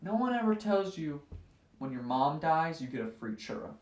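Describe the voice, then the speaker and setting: A man's voice: a little high, sing-song, normal speed. A man performing a stage monologue as a weary, sardonic man who tells an awkward story and imitates the people in it. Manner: dry, sardonic storytelling with mimicked voices. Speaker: theatre student performing a monologue. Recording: roomy echo, mic far off.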